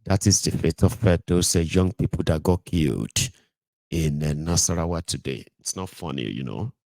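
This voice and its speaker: Deep-voiced Nigerian commentator. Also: male voice, animated, moderate pace, creaky, darkish tone, no room sound. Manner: storytelling, joking, many fillers. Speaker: political commentator. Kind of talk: casual talk commentary.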